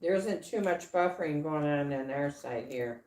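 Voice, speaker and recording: A woman co-hosting a casual livestream chat, rambling with halting restarts and fillers. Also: low voice, a little mellow. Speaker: livestream co-host. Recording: echoey room.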